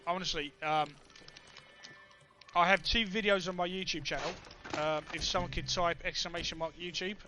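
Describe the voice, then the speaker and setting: A young man with a Cockney accent, chatting excitedly to his stream chat while he plays. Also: high-pitched, normal speed, soft background music. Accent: London Cockney. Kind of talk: casual let's play commentary.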